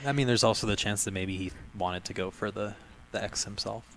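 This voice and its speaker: Laid-back low-voiced male commentator. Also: fairly even intonation, a little fast, a bit bright. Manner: analytical, laid-back, dry humor. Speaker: game commentator. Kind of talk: live tournament commentary.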